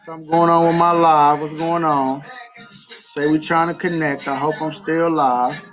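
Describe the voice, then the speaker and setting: A man's voice: a little high, flat delivery, a little slow, fairly bright tone, lo-fi sound, faint music behind. A man preaching a livestreamed sermon, impassioned and repetitive, in plain vernacular English.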